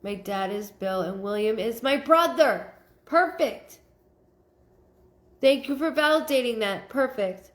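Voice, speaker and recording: A woman with a slightly high voice works through a live psychic reading, pausing on fillers and restarting her sentences as she relays spirit messages. Her voice rings in an echoey room. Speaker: psychic medium.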